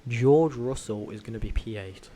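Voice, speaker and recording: A man vlogging casually, talking in a rambling, animated way with frequent self-corrections and tangents. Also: mid-range voice, normal speed, slight background noise. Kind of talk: casual opinionated commentary.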